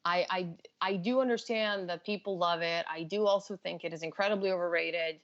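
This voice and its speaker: A woman with a fairly low voice chatting as a guest on a live stream. She states her views calmly and earnestly, and her audio comes through dull and lo-fi, like a call. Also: brisk. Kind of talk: casual live chat.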